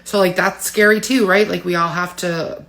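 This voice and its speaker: A woman's voice: on the low side, fairly even intonation, normal speed, fairly bright tone. Candid, emotional woman in her forties. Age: 40s. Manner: candid and emotional, with frequent fillers and laughs. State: tearful at times. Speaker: vlogger. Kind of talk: personal vlog talking to camera.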